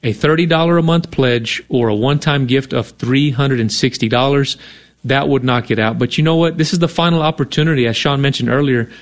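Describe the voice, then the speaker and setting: A man's voice: medium pitch, fairly quick. Earnest man making a radio pledge appeal. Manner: earnest, coaxing, repeats "right?". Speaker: radio fundraiser co-host. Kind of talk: on-air fundraising appeal.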